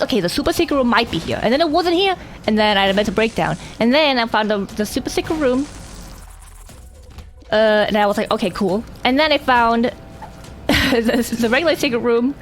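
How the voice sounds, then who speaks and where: A woman's voice: mid-range voice, a little hiss or hum. A woman giving casual, rambling gameplay commentary, talking animatedly and swearing casually. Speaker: gameplay streamer.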